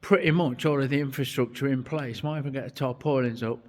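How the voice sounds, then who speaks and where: A vlogger and metal fabricator narrates a casual workshop vlog, explaining his metalwork bluntly and swearing a lot. His mid-range voice is steady and he talks fast, sometimes out of breath.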